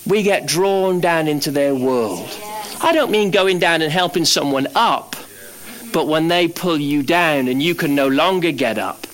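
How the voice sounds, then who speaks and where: A man preaching a sermon as pastor, animated, swinging from loud emphatic lines to low quiet ones. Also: unhurried.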